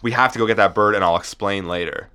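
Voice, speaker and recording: A man co-hosting a podcast, telling a deadpan comic story in a rambling way, full of restarts. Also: lowish voice, fast, clear, resonant tone. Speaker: podcast co-host.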